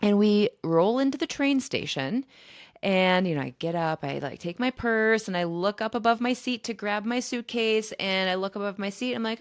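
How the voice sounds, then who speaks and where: A woman podcast host telling a personal story in a chatty, animated way. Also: mid-range voice, normal speed, clear, resonant tone, no room sound, clean studio sound. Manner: chatty and animated, with fillers and laughs. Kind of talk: casual storytelling monologue.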